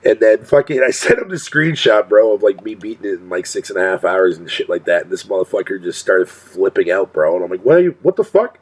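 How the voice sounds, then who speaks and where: A man's voice: low voice, fairly quick, hardly any pauses. A male streamer talking casually to his chat in a profane rant, swearing constantly and laughing often.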